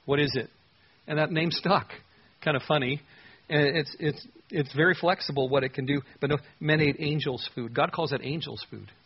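A man's voice: on the high side, normal speed, slightly rough, dull audio. A man teaching through Bible verses in a conversational, earnest way, with emphatic stresses.

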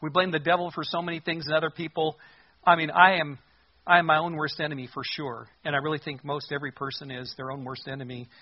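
Husky man teaching scripture, wry. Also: on the high side, little pitch movement, fast, dull audio. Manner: conversational, wry asides, emphatic bursts. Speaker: Bible teacher. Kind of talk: casual Bible teaching.

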